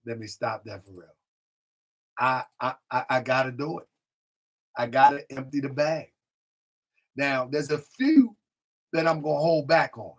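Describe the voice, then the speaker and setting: A man hosting a live stream, chatting casually, reading out viewer comments and often repeating himself. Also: medium pitch. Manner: talks to chat directly, repeats himself, drifts off mic.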